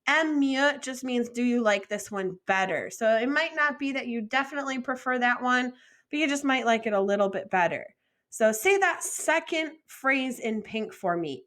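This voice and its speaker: Woman teacher w a slightly high voice, slow clear drills, friendly, encouraging. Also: fairly bright tone. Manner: slow, clear modeling of phrases for repetition. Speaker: French teacher. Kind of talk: recorded classroom lesson.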